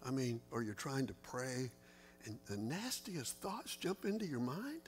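Earnest pastor teaching Bible study. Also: male voice, very animated, measured pace, faint music behind. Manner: earnest, conversational, pitch jumps up in emphasis. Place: church.

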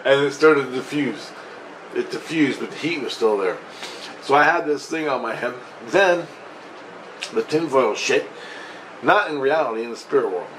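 A man's voice: mid-range voice, expressive, moderate pace, pauses often, a bit bright, slight background noise, poor audio. Man telling a rambling, profane story. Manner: profane, agitated, restless retelling with frequent restarts.

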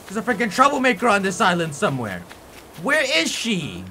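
A young man giving casual gameplay commentary, ranting in an animated, theatrically angry way. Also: high-pitched, a little fast, slight background noise. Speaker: gaming YouTuber. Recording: faint music behind.

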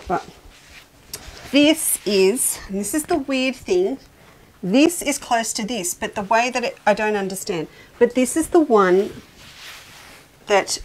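An enthusiastic middle-aged woman talks through fabrics on a casual quilt shop show. She sounds chatty and excitable, often breaking off mid-thought before picking the sentence back up. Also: medium pitch. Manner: chatty, enthusiastic, self-interrupting. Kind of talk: casual product show-and-tell.

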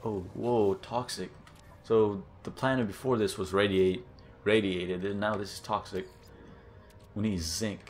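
A young man casually commenting on his own gameplay, exclaiming and gasping often as he explores. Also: on the low side. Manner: excitable, gasps and exclaims often. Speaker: gaming channel host. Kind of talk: casual let's-play commentary.

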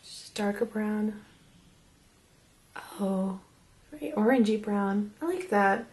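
A young woman casually reviewing makeup as she swatches it, chatty and excitable and half losing her voice. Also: mid-range voice, slow. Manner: chatty and excitable, drops to whispers. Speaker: beauty vlogger.

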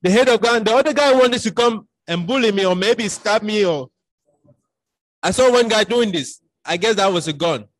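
High-voiced Cameroonian man telling a dramatic story. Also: normal speed, a bit bright. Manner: dramatic storyteller, acts out his own past dialogue. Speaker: podcast guest. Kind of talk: storytelling in casual conversation.

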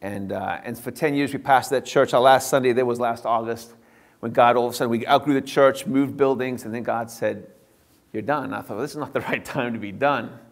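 A man's voice: mid-range voice, a little fast. Earnest middle-aged pastor telling his story. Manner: earnest storytelling, swings from animated to hushed. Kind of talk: personal testimony to a church.

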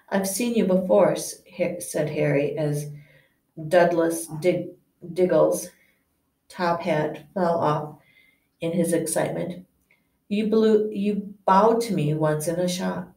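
Woman reading a kids novel out loud, slow, a bit far off in a roomy space, trips on words and fixes them. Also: on the low side, gravelly. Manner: unhurried, stumbling over words and self-correcting; acts out a stammer for the nervous professor. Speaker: teacher reading aloud.

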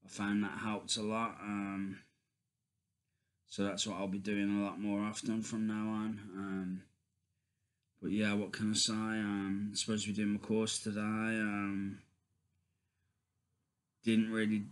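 Man, low voice, flat delivery, slow, hesitant, casual vlog chat. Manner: slow, halting, many ums and restarts; addresses viewers as guys. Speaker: vlogger.

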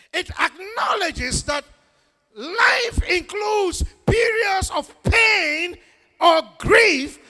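A male pastor delivers an emphatic sermon, often rising to a shout and drawing replies from the congregation. His voice sits very high and swings widely in pitch. The tone is bright and edged with gravel. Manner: emphatic preaching with call-and-response.

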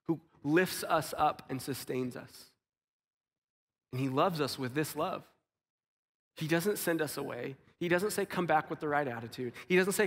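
Earnest preacher man in reverberant sanctuary. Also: a little high. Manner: earnest, acts out quotes, drops to soft tones for stories. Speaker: pastor. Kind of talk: sermon. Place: church sanctuary.

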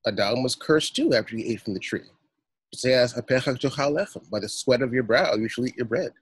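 A man's voice: mid-range voice, measured pace, slightly rough, pitched above the performer's own voice. A man reading aloud as an exasperated young male driving-school worker, telling an indignant story and quoting the people in it. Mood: arguing.

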